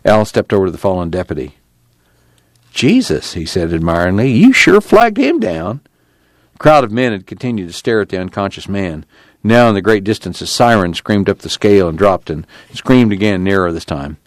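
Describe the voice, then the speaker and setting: A man reading a novel aloud in a steady, measured storytelling voice. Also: low-pitched, no room sound. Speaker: narrator. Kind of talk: audiobook narration.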